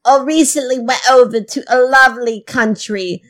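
A woman's voice: high-pitched, moderate pace. A woman co-hosting a satirical comedy podcast, talking in a put-on British accent and tagging on little questions.

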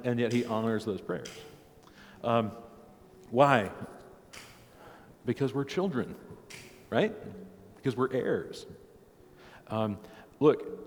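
A man's voice: medium pitch, in a large hall. A man in his thirties teaching a church catechism class in a casual, joking way, laughing often and peppering his talk with "like" and "right". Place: church hall.

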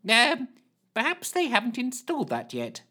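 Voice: medium pitch, wildly swooping pitch, moderate pace, sharp tone, pitched above the performer's own voice, heavily acted. A narrator voicing a flustered, fussy male rocket captain who stammers through ums and uhs.

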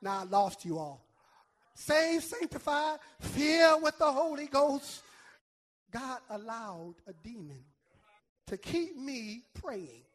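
A man's voice: very high voice, big pitch swings, slow pace, a bit bright. A male pastor preaching a sermon, emphatic, repeating words and calling on the congregation to answer back.

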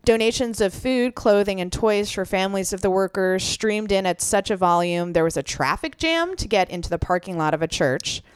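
A woman's voice: medium pitch, animated, moderate pace, few pauses, clear, resonant tone, no echo. A woman co-hosting a podcast in casual chat, reading out news items and laughing often with her co-host.

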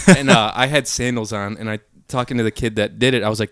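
A young man in his twenties co-hosting a casual podcast chat, telling stories with lively swings into loud put-on voices. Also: fairly low pitch, fast, few pauses, no room sound, studio quality. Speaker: podcast co-host.

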